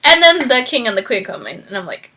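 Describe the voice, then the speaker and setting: A young woman reviewing a romance novel in a casual vlog, bubbly and animated, acting out characters' lines and laughing often. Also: quick pace. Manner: bubbly, acts out characters' lines with big pitch jumps; frequent fillers and laughter. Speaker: book vlogger.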